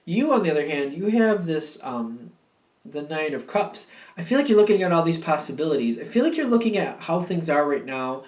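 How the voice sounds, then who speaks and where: A man's voice: on the high side, very animated, brisk, recorded from a distance. A man giving a casual tarot reading, musing and rambling with many fillers and restatements. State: yawning, a bit drowsy. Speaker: tarot reader. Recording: roomy sound from off the mic.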